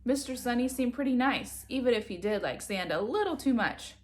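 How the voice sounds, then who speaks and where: A woman reading a children's book aloud with lively, expressive storytelling. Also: fairly high pitch, fairly quick. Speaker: reader.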